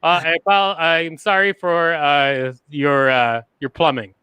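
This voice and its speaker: A man hosting a talent show with a drawn-out, sing-song showman delivery. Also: on the high side, flat delivery, pushed and bright, clean tone, no room sound.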